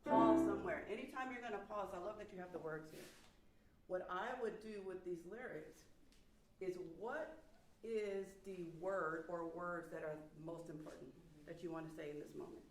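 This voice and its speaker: A woman's voice: fairly low pitch, normal speed, soft background music. A woman coaching a singer in a masterclass, encouraging and sometimes singing phrases to show what she means. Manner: encouraging, talks over the singing, demonstrates phrases by singing. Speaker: vocal coach. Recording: echoey hall, mic far off.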